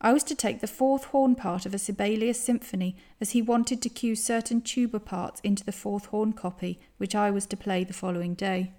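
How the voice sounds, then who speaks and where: Woman reading a memoir aloud, measured. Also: mid-range voice, warm tone.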